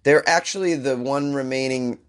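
A male comedian, feeling under the weather, hosts a news podcast, reading each story before launching into exasperated rants. His voice sits at a middle pitch and moves at a normal speed.

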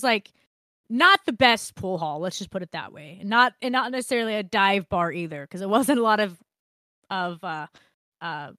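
A woman's voice: medium pitch, no echo, clean studio sound. A young woman, telling a story on a casual podcast and acting out what people said, with plenty of swearing. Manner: animated, swearing, acts out quotes. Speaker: podcast co-host.

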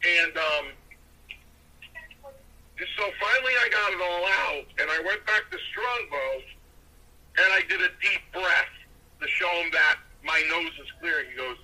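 A man's voice: high voice, unhurried, pauses often, poor audio. An older man telling a wrestling-days story in casual talk, acting out the voices of the people in it. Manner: animated, acts out voices of others. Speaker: guest storyteller.

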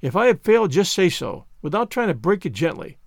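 A man's voice: high-pitched, dry recording, studio quality, exaggerated voice. A man voicing an eager, dramatic teenage girl student, talking earnestly and effusively. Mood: anxious. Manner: earnest, effusive, quick when excited.

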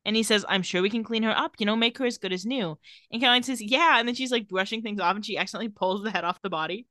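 Bright-voiced woman recapping a show. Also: mid-range voice, rapid-fire, dry recording, studio quality. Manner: narrates scenes, quoting characters. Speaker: podcast co-host. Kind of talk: casual recap chat.

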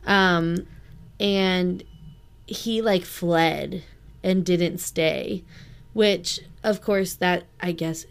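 A woman's voice: fairly low pitch, steady tone, very slow, vocal fry, clear, resonant tone. A young woman co-hosting a casual book podcast, laid-back, swearing casually and reading quotes aloud. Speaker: podcast co-host.

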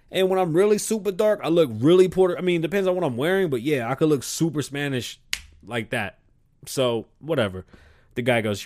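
A man's voice: mid-range voice, dry recording, studio quality. A man hosting his own podcast, rambling through a profane, slangy casual monologue. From South Bronx, New York. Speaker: podcast host.

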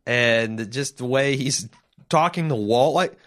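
A man co-hosting a casual podcast, talking excitedly and swearing, often mimicking characters in sudden high voices. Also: a little slow. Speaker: podcast co-host. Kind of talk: casual show discussion.

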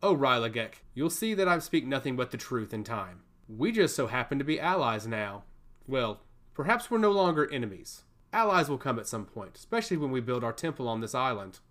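A man's voice: mid-range voice, sing-song, fairly quick, a bit bright. A man voicing a smug, scheming male servant of a god who taunts and giggles, in a storybook reading. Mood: taunting.

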